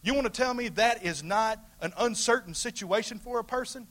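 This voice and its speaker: A man preaching a sermon as pastor in a folksy, colloquial way, swinging between loud emphatic calls and hushed asides. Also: sits high, a little fast.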